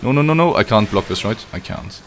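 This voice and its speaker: A man's voice: lowish voice, expressive, a little fast. A man streaming a video game live, joking and swearing as he chats to his viewers in casual commentary. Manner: joking and profane, chatting to viewers. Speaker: livestreamer playing a video game.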